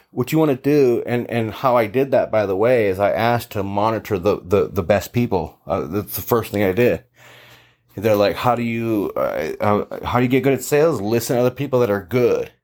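A man with a somewhat low voice tells his story in a loose, chatty way, full of fillers. He jumps into the voices of the people he quotes. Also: darkish tone. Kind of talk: casual storytelling monologue.

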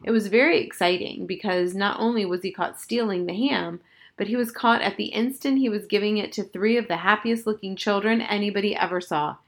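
A woman reads a children's novel aloud, telling it clearly and steadily. Her voice is of middle pitch and unhurried. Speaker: audiobook reader. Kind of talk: children's book narration.

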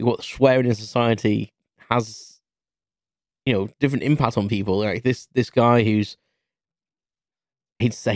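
A man's voice: medium pitch, a little mellow, dry recording, clean studio sound. A British man in his thirties, a podcast host rambling through a casual story with many restarts. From United Kingdom.

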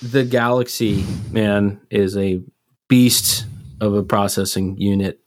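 A man's voice: lowish voice, fairly even intonation, slow pace, no room sound, clean studio sound. A man co-hosting a casual podcast, talking in an earnest, reflective way with some loose swearing. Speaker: podcast co-host, live sound engineer. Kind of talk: casual chat.

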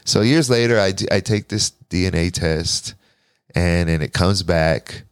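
A man in his forties with a very low, smooth voice tells his life story as a podcast guest, speaking unhurriedly but animatedly. He swears freely, restarts, and acts out lines he once said, recorded close and dry with no room sound.

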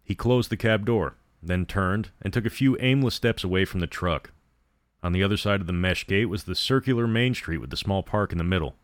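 A man narrating a story in a measured, dramatic reading. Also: low voice, dry recording, studio quality.

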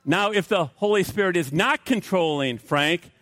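A middle-aged man preaching with a lively, swooping delivery that climbs into sudden emphatic bursts. His voice sits a little high for a man. The sound is close and dry. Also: moderate pace, hardly any pauses, no echo. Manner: emphatic, repetitive, with rising outbursts. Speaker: pastor. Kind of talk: sermon.

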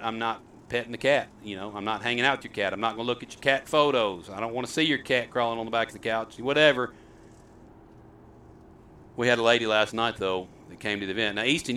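This middle-aged man hosts a show, spinning stories in a rambling, folksy, self-deprecating chat. His medium-pitched voice has a sharp tone, and the recording sounds distant with a little background noise.

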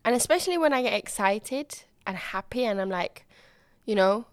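A young woman hosting her own podcast, chatting in a bubbly, open way with a loud, high-pitched voice that climbs when she gets excited. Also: normal speed, no room sound, studio quality. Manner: bubbly and chatty, with frequent restarts and acted-out quotes. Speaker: podcast host. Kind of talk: casual solo podcast chat.

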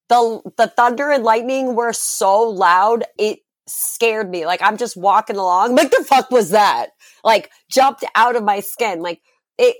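A woman's voice: a little high, dry recording, clean studio sound. A young woman co-hosting a podcast, telling a story in casual, profane chat. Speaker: podcast co-host.

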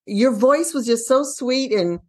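A woman's voice: a little high, unhurried, a little mellow, breathy edge. A woman business coach interviewing a guest, encouraging and upbeat. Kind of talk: casual interview.

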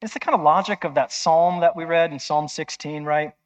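A man's voice: fairly high pitch, moderate pace. A man preaching a sermon in an emphatic, conversational way, often checking with listeners.

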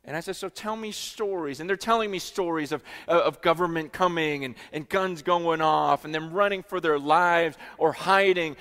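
A middle-aged man from the United States tells a story in a sermon, acting out the voices of the people in it. He repeats his words and swings from quiet to excited. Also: on the high side, normal speed, few pauses. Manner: animated, acts out quoted voices, repeats words. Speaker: preacher.

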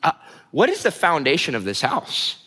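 A man voicing Jesus as a calm man who patiently presses a question and repeats his point. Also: on the high side, normal speed, husky, big-room sound, exaggerated voice. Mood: probing.

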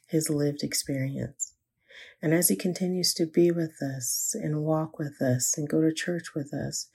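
A woman's voice: low-pitched, creaky, warm tone, slightly rough. An older woman, a grandmother, telling an earnest, reflective faith story about her grandson. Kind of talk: inspirational personal storytelling.

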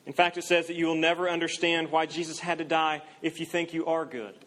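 Man, young adult, campus sermon, high-pitched, earnest, loud-to-hushed delivery. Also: flat delivery, fairly quick. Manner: earnest, rises loud for emphasis then drops very quiet. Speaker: campus minister.

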